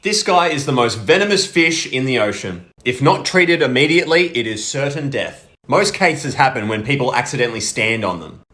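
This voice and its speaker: A man's voice: medium pitch, fairly bright tone. An Australian man with a brash, sweary, slang-heavy manner, delivering comic countdown commentary. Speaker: comedy content creator.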